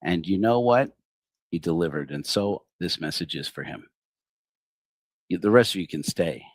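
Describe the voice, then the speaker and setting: A middle-aged man hosting a livestreamed satirical sermon, addressing his target with sarcastic, theatrical mock flattery. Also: low-pitched, moderate pace, no echo, clean studio sound. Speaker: host of a secular online congregation.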